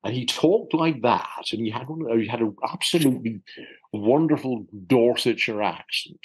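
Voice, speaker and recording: Older south london guy on a video call, lowish voice, stop-start, repeats himself and chuckles. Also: rough recording. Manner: hesitant, repeats words, chuckles often. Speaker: actor guest. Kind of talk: casual interview chat.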